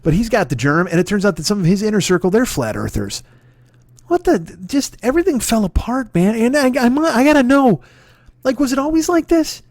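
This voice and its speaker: A man hosting a comedy podcast in a profane solo rant, full of stammering restarts. His voice sits high for a man. The sound is close and dry, with no room in it. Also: very animated, a little fast, dry recording. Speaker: podcast host.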